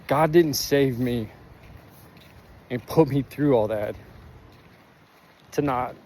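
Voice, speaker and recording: A man's voice: mid-range voice, slow, darkish tone. A man talking candidly outdoors, heartfelt and emotional, swearing freely with lots of fillers. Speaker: vlogger sharing his recovery. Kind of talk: emotional personal vlog. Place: outdoors in sun and breeze.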